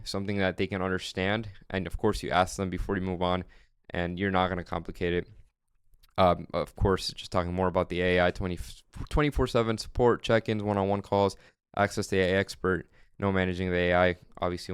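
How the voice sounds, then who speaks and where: A man's voice: sits low, clean tone, no echo, studio quality. A young man who owns an agency, casually walking viewers through his sales slides in a coaching tone, often repeating words. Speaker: agency owner. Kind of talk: casual walkthrough.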